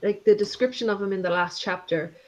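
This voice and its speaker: A woman in casual book-discussion chat, talking haltingly with lots of fillers and restarts. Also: mid-range voice, lo-fi sound.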